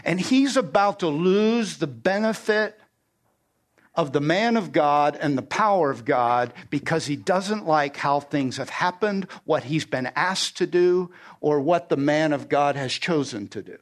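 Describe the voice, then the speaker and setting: A man preaching a sermon, walking through scripture verse by verse and retelling it in everyday slang. He asks the congregation questions, answers them himself, and sometimes drops to a quiet, low delivery for emphasis. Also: expressive, a little slow.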